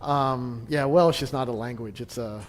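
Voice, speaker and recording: A man's voice: mid-range voice, normal speed, long reverb tail, soft background music. A man casually leading a church history class, chatty and joking, with frequent restarts.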